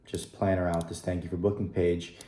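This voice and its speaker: A man's voice: low-pitched, level tone, fairly quick, mellow. A young man talking casually to the camera in a video diary, upbeat and rambling, with fillers, at his computer. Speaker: vlogger. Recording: echoey room.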